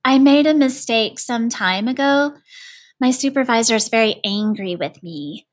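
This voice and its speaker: A woman's voice: a little high, moderate pace, close to an everyday voice. A woman voicing a male postman who is upset and apologetic over a mistake. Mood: worried.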